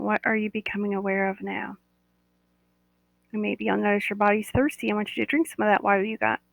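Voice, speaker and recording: A woman's voice: mid-range voice, vocal fry, no room sound, rough recording. A woman who leads a guided body-awareness meditation live, talking in a soothing, coaxing way and often repeating "that's right.".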